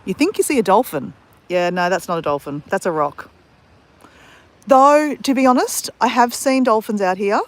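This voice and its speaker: A woman's voice: medium pitch, expressive, moderate pace, no echo. A woman with an Australian accent hosts a casual live stream from a beach on her handheld phone, chatting with viewers by name and laughing often. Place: outdoors at a beach at sunrise.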